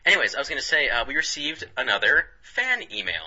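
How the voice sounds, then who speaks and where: Male podcast co-host, loose rambling banter, laughs a lot; forceful, husky voice on a dull, lo-fi recording. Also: medium pitch, sing-song, fast. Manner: rambling, laughs often, many restarts. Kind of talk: casual comedic banter.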